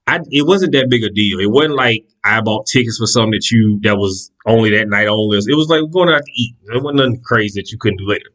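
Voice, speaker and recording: A man casually telling a personal story in an animated, profane, exasperated way. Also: on the low side, fast talker, few pauses.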